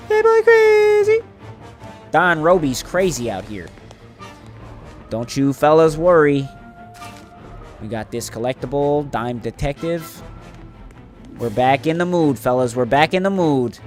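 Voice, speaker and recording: A man hosting a gaming channel, giving casual gameplay commentary that turns animated and boastful. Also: medium pitch, a little slow, long pauses, soft background music. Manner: animated, trash-talking, boastful in bursts.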